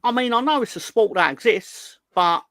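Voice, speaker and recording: A man hosting a casual live chat, reading out viewer comments in a playful, rambling, excitable way. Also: high-pitched, normal speed, dry recording. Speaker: host.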